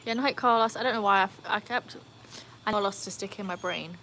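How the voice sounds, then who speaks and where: A woman's voice: mid-range voice, a little fast, a bit bright, low-quality recording. Woman, casual livestream host, chatty, light background hiss. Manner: chatty, reads out viewer comments. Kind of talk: casual live-stream chat. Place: home, beside a backyard pool.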